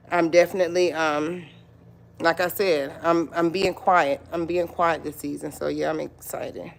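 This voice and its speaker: A middle-aged woman chatting casually on a livestream as a lifestyle vlogger. She repeats herself often and keeps calling out to viewers with y'all and you guys. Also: lowish voice. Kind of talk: casual live-stream chat.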